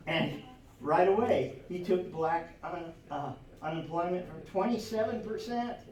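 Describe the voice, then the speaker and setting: Animated male teacher in an echoey classroom. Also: high-pitched, measured pace. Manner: animated, rhetorical questions, chuckling asides. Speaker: history teacher. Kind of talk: classroom lecture. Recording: echoey classroom recorded from far off.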